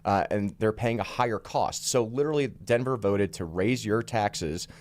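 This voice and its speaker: A man in his thirties, a congressional candidate, talking fast and assertively as a guest in a radio studio interview. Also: fairly low pitch, darkish tone. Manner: rapid, assertive, talks very fast.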